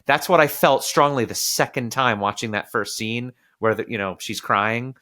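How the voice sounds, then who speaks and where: A man hosts a podcast about film, talking in a casual, animated way. His voice is bright and clear, at an ordinary middle pitch. Now and then he slips into quick acted voices to quote the characters. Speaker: podcast host.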